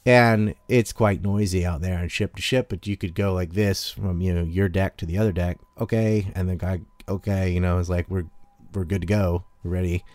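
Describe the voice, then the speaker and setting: Blunt, deep-voiced man in dry chat. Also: normal speed, few pauses, dry recording. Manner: blunt, profane, animated storytelling. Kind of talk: casual opinionated chat.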